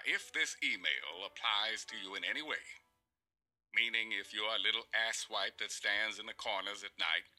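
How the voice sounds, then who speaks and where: A man putting on an impression of a famous deep-voiced male narrator, reading a profane rant slowly and gravely as comedy. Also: sharp tone, exaggerated voice, poor audio. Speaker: podcast host. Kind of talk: comic dramatic reading.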